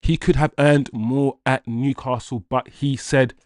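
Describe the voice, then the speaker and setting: A man hosting a football fan channel, reading transfer news aloud and riffing on it in a jokey, animated way. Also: mid-range voice, fairly quick, hardly any pauses, no echo, studio quality. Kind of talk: casual transfer-news commentary.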